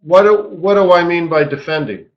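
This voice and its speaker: A man hosting a live trading webinar, walking through charts in an animated, joking way with lots of rhetorical questions. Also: sits high, moderate pace, highs cut off. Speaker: forex market strategist hosting a daily webinar.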